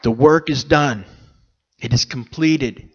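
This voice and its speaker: Slow, earnest male preacher. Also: medium pitch, husky, dull audio. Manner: slow, earnest, pausing between phrases. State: emotional, choked up. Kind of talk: sermon. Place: church sanctuary.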